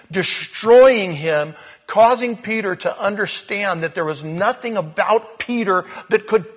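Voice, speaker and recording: A man's voice: sits high, fairly bright tone. A man preaching a conversational sermon, telling the story informally with asides and acting out the quotes.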